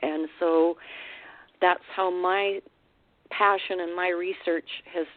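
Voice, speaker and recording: A woman with a lowish voice recounts a frightening personal encounter on a radio call-in. She speaks emotionally and haltingly, often restarting her sentences. The line is dry and narrow, like a phone. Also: fairly even intonation, no room sound. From Canada, Vancouver Island. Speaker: guest, Sasquatch researcher.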